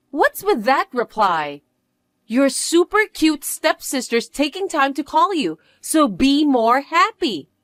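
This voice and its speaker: A spoiled, boastful young stepsister, played by a woman, who taunts and demands in a haughty way. Her voice sits high and swings widely. It is delivered slowly in a dry, close recording. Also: fairly bright tone, no room sound, heavily acted. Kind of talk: dramatized story acting.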